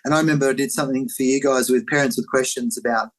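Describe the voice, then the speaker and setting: Animated middle-aged man telling his story. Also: mid-range voice, fast talker, poor audio. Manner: animated, acts out quoted voices, many filler words. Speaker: interview guest. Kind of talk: personal storytelling in conversation.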